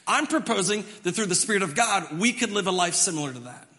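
A pastor delivers a sermon in a bright, high voice, animated and storytelling as he acts out little voices. The sound carries a long church reverb around him. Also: quick pace. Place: church sanctuary.

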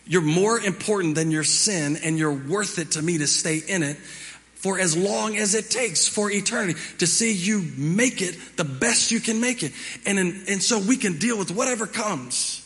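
A man's voice: sits high, normal speed, fairly bright tone. Male pastor, conversational sermon, repeats lines for emphasis; reverberant church hall. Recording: reverberant hall with music behind.

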